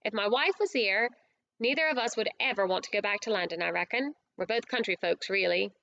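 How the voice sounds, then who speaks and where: A woman's voice: medium pitch, fairly quick, creaky, sharp tone, dull audio. A woman voicing a humble male cab driver with a countryman's heart, speaking in a deferential, rustic working-class manner.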